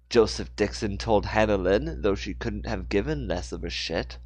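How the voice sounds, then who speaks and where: A man's voice: on the low side, normal speed, hardly any pauses, no room sound. A man reading his own book aloud in a casual way, breaking off for rambling, jokey asides.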